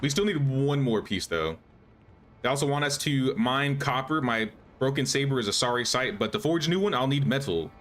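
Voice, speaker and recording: A man's voice: medium pitch, lively intonation, a little fast, fairly bright tone. A young man streaming a survival game, chatting casually and thinking aloud with frequent restarts. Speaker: gaming streamer. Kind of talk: casual live gameplay commentary.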